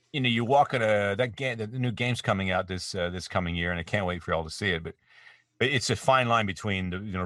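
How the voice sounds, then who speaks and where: A Canadian man with a low, deep voice talks casually as an interview guest. He rambles and pokes fun at himself, often restarting his sentences. The sound is dry and slightly off-mic, from a small home studio. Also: a bit bright, no echo, far from the mic. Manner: rambling and self-deprecating, many restarts. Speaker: voice actor guest.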